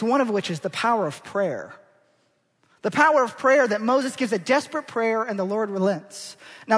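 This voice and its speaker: Preacher guy, husky breathy voice, lively sermon in a big echoey church. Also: high-pitched. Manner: animated, rhetorical, drawing the congregation in. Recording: long church-hall reverb.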